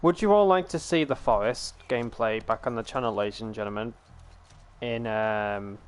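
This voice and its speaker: A young British man hosting a casual game stream, telling stories to his viewers and calling them ladies and gentlemen. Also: lowish voice, normal speed, smooth. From Britain. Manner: chatty storyteller, addresses viewers as ladies and gentlemen. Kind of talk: casual gaming stream chat.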